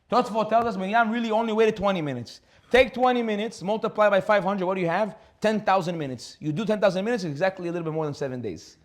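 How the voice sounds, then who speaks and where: Fast-talking, animated rabbi telling a story. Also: male voice, sits high. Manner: animated, acts out dialogue in a story. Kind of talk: Torah class storytelling.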